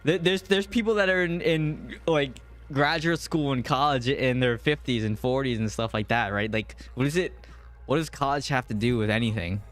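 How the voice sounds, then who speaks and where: A man's voice: mid-range voice, normal speed, fairly bright tone, faint music behind. A man in his thirties with a Mid-Atlantic American accent, casually rambling on a live game stream and answering viewer chat. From US Mid-Atlantic region.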